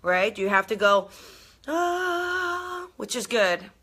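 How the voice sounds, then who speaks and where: A woman hosting a live motivational talk, bubbly and animated, laughing often and answering viewer comments as she goes. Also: mid-range voice, normal speed. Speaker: intuitive coach and live show host. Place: live video stream.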